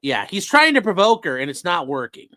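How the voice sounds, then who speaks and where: A man's voice: sits high, very animated, fairly quick, bright, forceful tone, no echo, studio quality. A man giving casual, profane live-stream commentary on a trial as a defense attorney, chatting with his viewers. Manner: profane, chatty, talks to chat and his dog.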